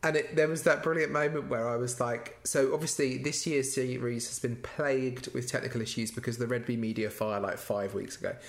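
A man co-hosting a podcast, chatting casually about a baking show in a lively way and laughing often. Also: mid-range voice, vocal fry. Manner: lively and giggly, quick to laugh. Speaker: podcast co-host.

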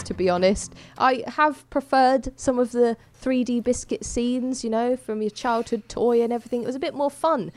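A woman's voice: a little high, moderate pace, hardly any pauses, faint music behind. A woman co-hosting a podcast, chatting casually and laughing often as she recaps a TV show. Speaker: podcast co-host.

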